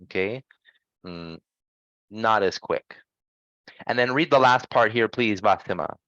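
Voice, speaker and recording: A man runs a pronunciation lesson and patiently corrects his students. He models each sound slowly and clearly. The recording is dull and lo-fi, and very dry. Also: on the low side, pushed and bright, dry recording. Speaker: English pronunciation teacher. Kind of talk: online language lesson.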